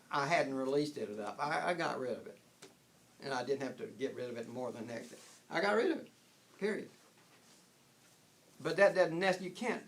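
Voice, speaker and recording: A man's voice: mid-range voice, gravelly, fairly bright tone. An older man giving an informal spiritual talk, rambling with frequent restarts and chuckling at his own points. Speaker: spiritual teacher.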